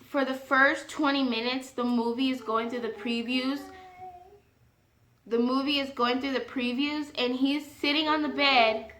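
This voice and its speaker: A young woman telling a story to her viewers in a casual vlog, animated and indignant, acting out both sides of a conversation. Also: high-pitched, unhurried, echoey room, a little hiss or hum. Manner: animated, indignant retelling with quoted dialogue.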